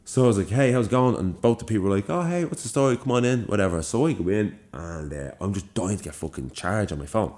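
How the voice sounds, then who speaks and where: A young man from Ireland with a Dublin accent, co-hosting a podcast and telling an animated, swear-filled story. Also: on the low side, fast talker, hardly any pauses. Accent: Dublin Irish. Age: young adult. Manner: animated storyteller, swears freely, acts out quoted lines. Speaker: podcast co-host. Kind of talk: casual storytelling chat.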